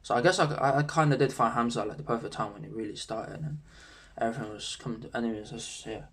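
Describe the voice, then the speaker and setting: A man's voice: medium pitch, quick pace. A young man, rambling casually in a self-improvement vlog, full of slang and swearing. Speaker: YouTuber.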